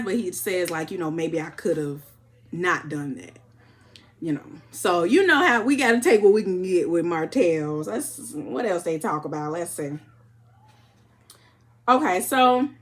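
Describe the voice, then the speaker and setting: Chicago woman doing a chatty reality show recap, animated, acts out the quotes, middle pitch. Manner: animated retelling, acting out quotes with laughs. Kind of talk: casual recap chat.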